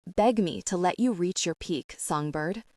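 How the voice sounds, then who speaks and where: A woman's voice: unhurried, darkish tone, dry recording, studio quality, distant mic. Woman voicing a murmuring, commanding young lover. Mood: low, coaxing. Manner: low, murmured, coaxing. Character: low-voiced, commanding young man, tender lover.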